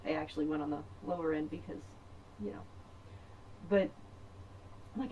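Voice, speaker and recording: A middle-aged woman telling a personal story in a rambling, chatty way, laughing often and filling pauses. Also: sits low, dark tone, lo-fi sound, slight background noise. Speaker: podcast host.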